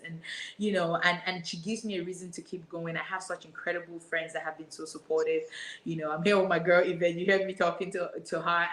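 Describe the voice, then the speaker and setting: A woman's voice: on the low side, fairly bright tone, roomy sound, rough recording. A woman in her thirties speaking as an interview guest, effusive and full of gratitude, often repeating her words as she talks. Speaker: guest, business owner. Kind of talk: emotional interview talk.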